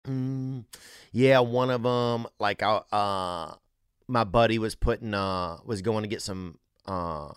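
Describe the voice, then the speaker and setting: A low-pitched man co-hosts a casual comedy podcast, wandering through crude anecdotes with plenty of "uh" and "um". His voice sits close and dry, with no room around it. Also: slow pace, clear, resonant tone, dry recording. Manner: rambling, crude storytelling with many fillers. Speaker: podcast co-host.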